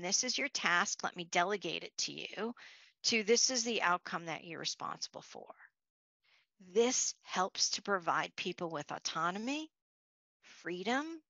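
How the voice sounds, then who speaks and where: Casting: woman leadership speaker, lowish gravelly voice with a bright edge, conversational storyteller, dry muffled recording. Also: no room sound. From Long Island, New York. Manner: conversational, restarts, storytelling asides. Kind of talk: leadership talk.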